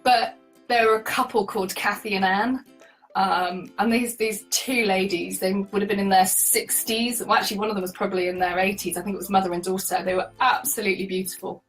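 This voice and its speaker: A woman's voice: medium pitch, fairly quick, far from the mic, faint music behind, low-quality recording. Chatty woman telling stories from afar. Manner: chatty, animated, laughs often. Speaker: guest, solo cyclist. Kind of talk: conversational interview storytelling.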